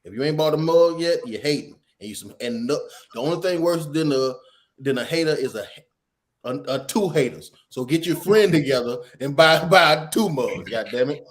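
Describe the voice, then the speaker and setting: A man co-hosting a podcast in casual banter, laughing as he talks. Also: normal speed. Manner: lively, laughing pitch swings. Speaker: podcast co-host.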